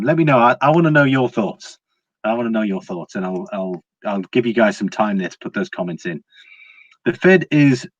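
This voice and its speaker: A man's voice: medium pitch, husky, no room sound, lo-fi sound. A man hosting a casual livestream, chatting to viewers, laughing often and restarting his words. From Britain. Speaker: livestream host.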